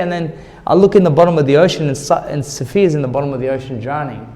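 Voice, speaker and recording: A man's voice: a little high, fast talker, warm tone. A man, a former boxer, telling his life story candidly in an interview, acting out the dialogue of others with emotion. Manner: emotional, retells conversations in quoted dialogue. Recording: long hall reverb.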